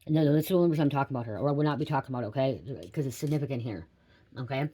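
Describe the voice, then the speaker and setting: A woman's voice: extremely low pitch, lively intonation, racing, dark tone. A middle-aged woman giving a casual spiritual reading to camera. She rambles, swears bluntly and keeps checking in with "okay?". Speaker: tarot reader.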